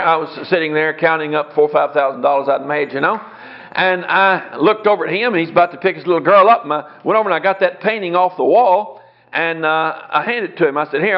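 A man's voice: fairly high pitch, fast. A middle-aged man, a Bible teacher telling a folksy story in a sermon, chuckling as he acts out the dialogue. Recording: dull lo-fi recording.

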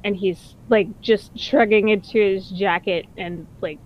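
A woman's voice: mid-range voice, fairly even intonation, unhurried, muffled recording. Chatty woman narrating a game turn. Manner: chatty, descriptive. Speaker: player.

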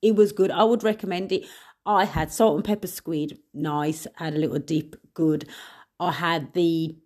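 A woman's voice: low voice, fairly even intonation, normal speed, darkish tone. A young woman hosting a podcast in a casual, chatty way, with playful asides and frequent laughs. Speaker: podcast host. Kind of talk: casual solo podcast chat.

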